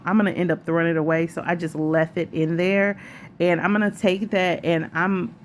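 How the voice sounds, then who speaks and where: A woman vlogging casually at home, chatting in a rambling, animated way with asides. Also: lowish voice, slight background noise. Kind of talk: casual chat to camera.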